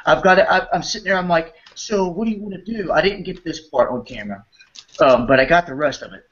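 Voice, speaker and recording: A man on a podcast telling what he saw first-hand, animated and blunt in casual chat. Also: a little high, fast. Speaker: podcast guest. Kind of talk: casual chat, recounting events. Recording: muffled lo-fi podcast audio.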